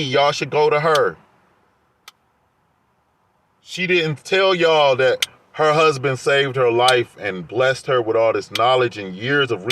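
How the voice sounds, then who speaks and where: A man's voice: a little high, a bit bright, a little hiss or hum. A man vlogging in a heated, defensive rant, airing grievances to his viewers. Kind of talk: casual rant to camera.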